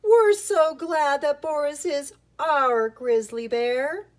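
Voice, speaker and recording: A woman reading a storybook aloud, voicing a chorus of small woodland animals in a shrill, squealing voice. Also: slow. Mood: cheering.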